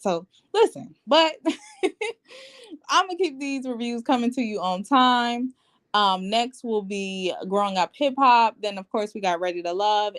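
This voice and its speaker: A woman recapping a reality TV episode in casual, sassy commentary, acting out quotes as she goes. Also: medium pitch. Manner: sassy and animated, quoting people in put-on voices.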